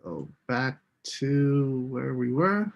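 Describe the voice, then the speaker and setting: A man from the United States leads a live-streamed English lesson, drawing each word out and saying it again. His voice carries a gravelly rasp, and his pitch sits in an ordinary middle range. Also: lively intonation, muffled recording. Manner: slow, deliberate, repeats words for students. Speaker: English teacher.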